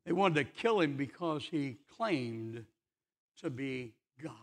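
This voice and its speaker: A man's voice: mid-range voice, animated, slow. A man preaching a fervent church sermon, emphatic and full of rhetorical questions. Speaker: pastor.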